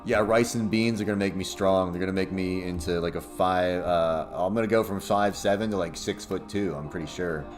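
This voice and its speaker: A man's voice: low voice, a little fast, hardly any pauses. A young man chatting casually and profanely on a livestream, rambling and laughing often. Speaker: streamer. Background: music playing.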